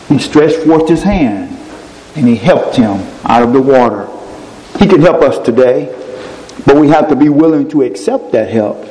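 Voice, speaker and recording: A man preaching a sermon, emphatic, climbing sharply in pitch on key phrases. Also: mellow. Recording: echoey hall with long reverb.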